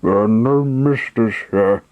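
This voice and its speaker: A man reading the part of a gruff, harsh puppet showman in a slow, low voice. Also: no echo, narrow, tinny audio. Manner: harsh, commanding.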